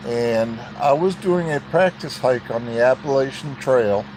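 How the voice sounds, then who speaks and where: A man's voice: mid-range voice, a little slow, background noise. A man telling a personal story in a folksy, plain-spoken way.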